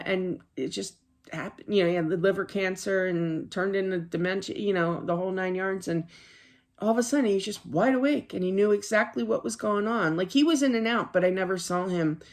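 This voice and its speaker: A woman psychic card reader giving a casual spiritual reading to camera from her home office desk, rambling and chatty, with lots of fillers and restarts. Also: medium pitch.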